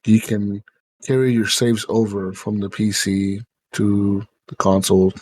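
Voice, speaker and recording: A man's voice: fairly low pitch, level tone, measured pace, a little mellow. A man hosting a podcast in casual chat, rambling with lots of fillers and swearing. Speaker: podcast host.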